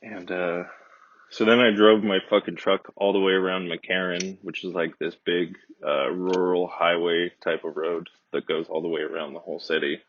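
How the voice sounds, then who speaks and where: A man casually telling a rambling, profane, deadpan comedic story as a podcast host. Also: low-pitched, moderate pace. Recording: dull lo-fi dry recording.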